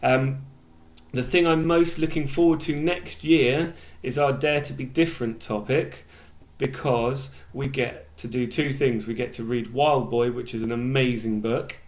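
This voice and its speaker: A man's voice: mid-range voice, steady tone, unhurried. Upbeat man teacher, mid-range voice. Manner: upbeat, enthusiastic, talks straight to the children. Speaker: primary school teacher. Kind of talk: welcome video to pupils.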